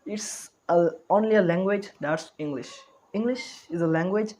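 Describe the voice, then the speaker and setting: A man's voice: high-pitched, moderate pace, dark tone, rough recording. A man giving an online spoken English lesson, talking carefully, repeating words and correcting himself as he goes.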